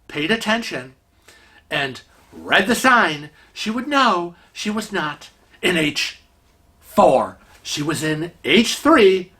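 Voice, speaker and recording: A man's voice: on the high side, sharp tone, husky. A man vlogger telling a story in a chatty, exasperated way, acting out the quotes. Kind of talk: casual storytelling.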